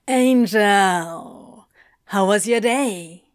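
A woman's voice: fairly high pitch, measured pace, dry recording, studio quality, close to an everyday voice. A woman voicing a cheery male demon who drawls his words.

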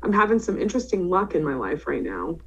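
A woman's voice: on the low side, very animated, fast, a bit bright, husky, muffled recording. A young woman chatting casually as a co-host, swearing freely and laughing as she rambles. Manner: profane, laughing often, rambling. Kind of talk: casual chat.

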